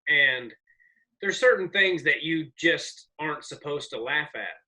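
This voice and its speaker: Bright-voiced man, animated comedian. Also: on the high side, a little slow, poor audio. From American South. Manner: rambling, animated storyteller with profanity. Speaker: comedian guest. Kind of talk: casual podcast chat.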